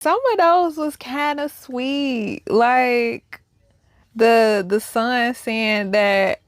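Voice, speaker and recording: A young woman reacts to clips in a casual, animated, slang-heavy way. She drifts between quiet reflective asides and loud exclamations. Her voice sits fairly high and sounds dry and close. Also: drawn-out words, no room sound. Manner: animated, slangy, swings between soft musing and loud outbursts. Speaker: reaction vlogger.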